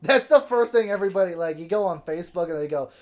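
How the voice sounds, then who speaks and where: A man's voice: high-pitched, fast talker. A young man co-hosting a casual comedy podcast, swearing freely and acting out mocking voices as he tells stories. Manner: crude, swearing, animated storytelling with mocking quoted voices. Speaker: podcast co-host.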